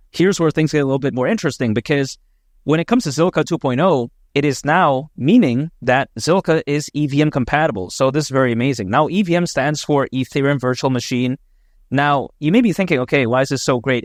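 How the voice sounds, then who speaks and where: A man's voice: mid-range voice, dry recording, clean studio sound. A man hosting a casual, opinionated crypto commentary video, enthusiastic and chatty with lots of fillers. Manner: enthusiastic, conversational, many fillers.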